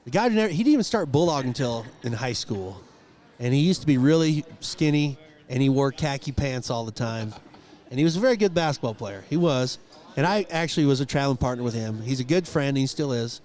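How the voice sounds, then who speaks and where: A man's voice: mid-range voice, brisk. A man co-hosting a casual rodeo podcast, telling funny stories and acting out the quotes. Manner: animated joking storyteller, acts out quotes. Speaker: podcast co-host. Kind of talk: casual storytelling chat. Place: outdoors at a rodeo.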